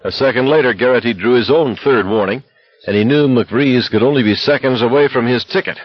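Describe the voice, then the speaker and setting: A man reading a novel aloud as an audiobook narrator, in a steady, even manner. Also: mid-range voice, brisk, husky, no echo, dull audio.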